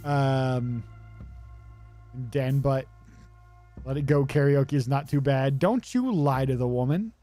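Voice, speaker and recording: A man's voice: medium pitch, slow, pauses often, warm tone, dry recording. A man streaming a game, making wry offhand asides in casual commentary. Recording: faint music behind.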